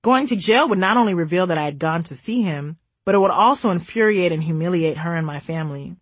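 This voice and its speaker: A woman's voice: fairly low pitch, animated, fast, no room sound. A woman from the United States, narrating her own memoir in a candid, wry way.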